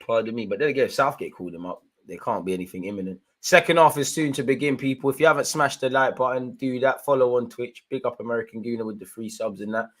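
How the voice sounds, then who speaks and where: A young man hosting a live football watchalong, giving slangy running commentary and shouting at the referee in bursts. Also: mid-range voice, fast, hardly any pauses. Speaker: live match watchalong host.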